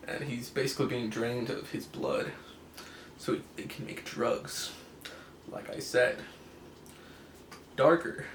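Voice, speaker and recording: Brief: male host, casual comic review, rambling and chuckling, mid pitch, roomy echo with faint hiss. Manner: rambling, laughs easily, self-correcting. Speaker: comic book video host. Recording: echoey room, faint hiss.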